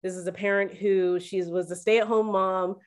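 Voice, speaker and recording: A woman speaking to listeners about her faith, telling a candid personal story in an animated, confiding way. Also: medium pitch, normal speed. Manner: animated, confiding, acts out quoted voices; addresses listeners directly as "guys".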